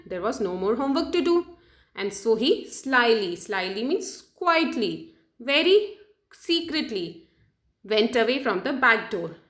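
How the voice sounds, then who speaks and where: A woman's voice: a little high, fairly bright tone, roomy sound. Woman teacher explaining a story. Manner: explains words slowly, asks questions to the class. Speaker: English teacher. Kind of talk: storytelling lesson with word explanations.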